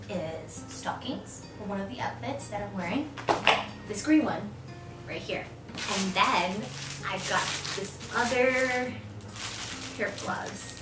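A woman of thirty in a casual birthday vlog, gushing and gasping with excitement as she unpacks and tries on outfits. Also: medium pitch, takes it slowly. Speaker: vlogger. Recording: echoey room, mic at a distance, loud music. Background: music.

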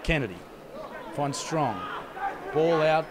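A man giving fast, jokey play-by-play commentary on a rugby league match from a commentary box. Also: on the high side. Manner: rapid, excitable, jokey play-by-play. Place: commentary box at an outdoor ground. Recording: loud crowd and outdoor noise.

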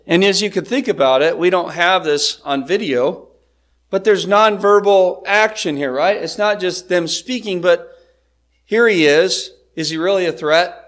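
High-voiced male pastor preaching. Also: measured pace, a bit bright. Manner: conversational, asks the congregation "right?". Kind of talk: expository sermon.

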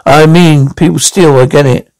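A man doing a nervous, fast-talking money launderer. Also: a little high, steady tone, a little mellow, no echo, close to an everyday voice, rough recording. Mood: defensive.

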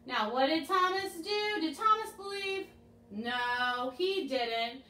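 A woman leading children's chapel, telling a Bible story and slowly modeling lines for the kids to repeat. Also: high-pitched, animated, sharp tone, a little hiss or hum. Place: room with air freshener. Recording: echoey room, mic at a distance.

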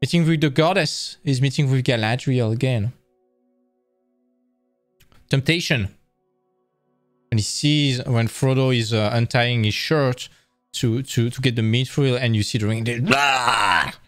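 A man's voice: medium pitch, a little slow, long pauses, no room sound, clean studio sound, soft background music. Man giving a casual lecture. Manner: casual, restarting, enthusiastic explaining. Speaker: presenter. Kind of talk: live-streamed lecture.

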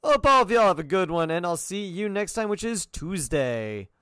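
Streaming a game live, a man playfully jokes with the characters on screen, answering them back and repeating lines for comic effect. He talks a little fast, with a high, sharp, clean voice and lively intonation.

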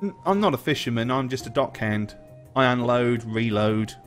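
A man's voice: mid-range voice, expressive, moderate pace, soft background music, natural voice. A man voicing a rowdy male dockhand who drinks eagerly, with a pushy, boisterous manner.

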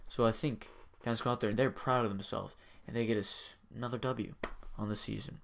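A young man hosting his own video, making casual sports predictions with hyped, energetic bursts. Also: fairly low pitch, a little fast, gravelly. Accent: says he has a strange accent. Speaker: video host.

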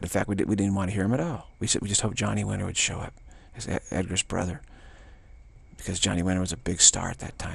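A man's voice: low voice, creaky, slightly rough, no room sound. An older man giving an informal spiritual talk, rambling through anecdotes and acting out little dialogues with a chuckle. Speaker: spiritual teacher.

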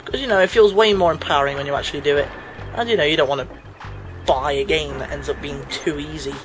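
A fast-talking let's play commentator with a medium-pitched voice chats casually over gameplay and game music, and the audio is poor. Now and then he bursts out in frustration, then laughs at himself in a self-mocking way.

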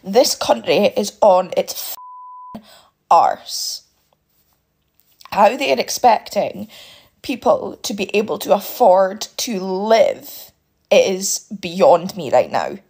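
A British woman pours out her money worries into a phone held at arm's length. Her voice is husky and swings widely in pitch, climbing as she gets worked up and clipping off her swear words. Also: sing-song, takes it slowly, pauses often, a little mellow. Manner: upset, swears with clipped-off words, voice rising and breaking. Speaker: single parent venting. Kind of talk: emotional vent to camera.

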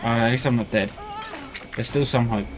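A man streaming gameplay commentary, ranting in frustration with loud swearing outbursts, game music behind him. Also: mid-range voice, moderate pace, noisy background. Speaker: gaming streamer.

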